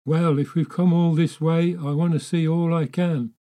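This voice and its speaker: A woman reading the lines of her adventurous husband in a lower, calm voice. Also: moderate pace, close to an everyday voice. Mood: steady.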